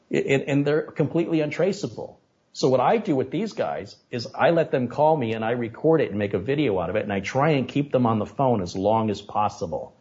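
A man being interviewed on a podcast, telling stories and making animated, opinionated points. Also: medium pitch, lo-fi sound. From United States. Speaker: guest, tech video maker.

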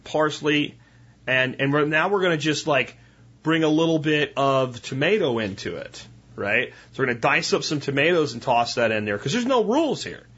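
Male podcast host, husky, mid-pitched, casual how-to talk, muffled lo-fi sound. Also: a bit bright. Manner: chatty, instructional, with frequent "right?" asides.

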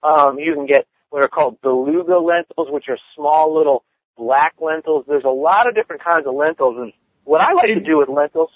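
A man's voice: fairly high pitch, fairly quick, dry recording. A man chatting casually about cooking, rambling with lots of fillers. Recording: dull lo-fi dry sound.

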